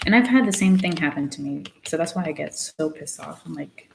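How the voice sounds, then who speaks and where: Low-pitched young woman vlogger, casual painting chat, blunt and sweary, faint background noise. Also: lively intonation, fairly quick, vocal fry. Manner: ranting, profane, blunt; drops into Spanish phrases. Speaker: artist vlogger.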